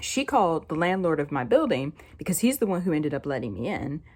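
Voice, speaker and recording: A woman's voice: deep voice, sing-song, brisk, darkish tone, husky. A young woman with a Southern US accent telling a story in a rambling, chatty way, laughing often. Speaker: vlogger. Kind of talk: casual storytelling.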